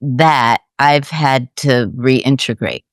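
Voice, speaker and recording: A woman host telling a personal story in a reflective, halting way with frequent restarts. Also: extremely low pitch, dry recording, clean studio sound. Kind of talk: conversational storytelling.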